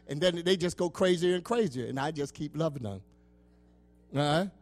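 Passionate preacher, man with a high voice, faint music under him. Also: animated, moderate pace. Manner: passionate, swinging between loud preaching and soft asides. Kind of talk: sermon.

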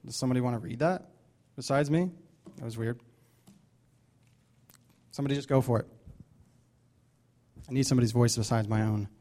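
A man's voice: medium pitch, brisk, pauses often, warm tone. A man leading a Bible study, preaching casually with many fillers and restarts. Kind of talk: casual sermon.

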